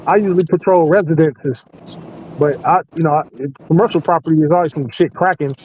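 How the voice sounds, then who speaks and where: High-voiced man telling loud profane stories. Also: a little fast. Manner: animated, profane, laughing storyteller. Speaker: podcast host working night security patrol. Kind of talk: casual storytelling chat. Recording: muffled lo-fi with faint hiss.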